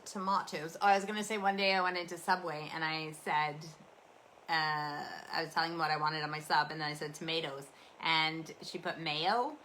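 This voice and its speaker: A woman's voice: deep voice, pushed and bright, slight background noise, rough recording. A Canadian woman hosting a casual rambling chat, talking in a meandering, chatty, self-deprecating way. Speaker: host.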